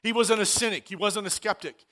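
A man's voice: high-pitched, a little fast, sharp tone. A man in his sixties preaching a sermon as pastor, emphatic, repeating key phrases and dropping dry asides. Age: 60s.

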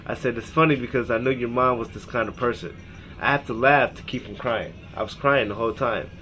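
A man's voice: mid-range voice, brisk, pushed and bright, a little hiss or hum, low-quality recording. A man in his thirties from Seattle hosting a podcast, ranting with heavy profanity, rambling and reading his text messages aloud. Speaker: podcast host. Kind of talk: emotional rant.

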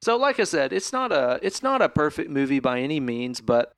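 A man's voice: fairly high pitch, big pitch swings, a little fast, creaky, a bit bright, no room sound, soft background music. A man co-hosting a podcast, chatting casually and enthusiastically about a movie, rambling a bit and swearing now and then. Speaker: podcast co-host. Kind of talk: casual movie review chat.

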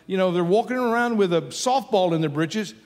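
A man's voice: sits high, lively intonation, a little fast. A man preaching a sermon in a conversational way, repeating his key phrases for emphasis. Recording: long hall reverb with faint music.

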